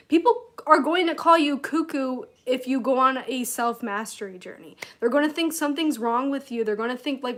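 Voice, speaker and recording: A woman's voice: sits high, normal speed. A woman from Michigan chatting on a livestream at home, giving self-help advice and reading comments, laughing often and filling with "you know.". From Michigan, USA. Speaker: self-help mentor streamer. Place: at home, room with candles and incense.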